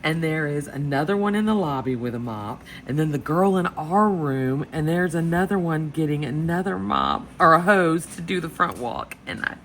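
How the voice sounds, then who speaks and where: Woman, very deep voice, animated casual storyteller, home desk recording with faint hiss. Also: moderate pace, few pauses. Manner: chatty, animated retelling with quoted voices and laughter. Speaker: planner vlogger. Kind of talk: casual storytelling while planning. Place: home desk with dogs nearby.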